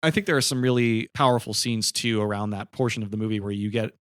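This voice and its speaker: A man's voice: on the low side, quick pace, a bit bright, clear, resonant tone, no room sound, studio quality. A man co-hosting a film podcast who talks thoughtfully, with lots of fillers and restarts. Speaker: podcast co-host. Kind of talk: casual film discussion.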